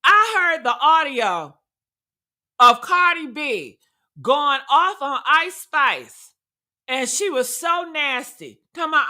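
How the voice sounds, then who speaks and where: Woman reaction host, high bright voice, blunt and profane, loud emphatic delivery. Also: animated, slow. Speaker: commentator reacting to comments. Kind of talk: live reaction commentary.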